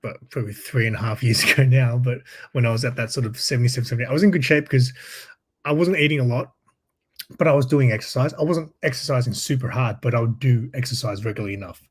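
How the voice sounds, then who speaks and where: Aussie guy yarning away, husky voice, laughs a lot. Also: mid-range voice, fast. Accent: Australian. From Australia. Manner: laughs often while telling stories. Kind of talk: casual chat, storytelling.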